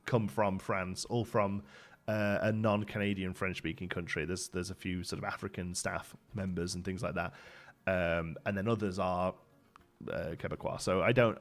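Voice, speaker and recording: Here a man in his thirties with a Brummie accent, from Birmingham, England, chats casually while streaming games, rambling and restarting plenty. His deep, slightly bright voice keeps fairly even intonation at normal speed. There's faint background music.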